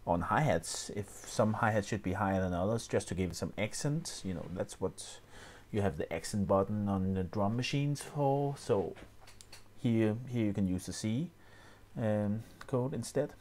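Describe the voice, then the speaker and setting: A man explaining music software step by step, often pausing with fillers and restarting his sentences. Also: fairly low pitch, animated. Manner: hesitant, many fillers and restarts. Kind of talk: screen-recorded tutorial.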